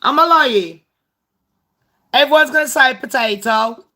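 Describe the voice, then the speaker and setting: Woman, livestream host, casual chat, blunt and sweary, unhurried delivery. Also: sits high, pushed and bright. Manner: blunt and foul-mouthed, chatty. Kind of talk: casual chat game with live viewers.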